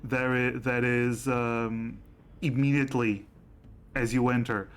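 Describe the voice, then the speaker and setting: A man narrating a tabletop game as game master, halting and restarting with many fillers. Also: medium pitch, little pitch movement, slight background noise.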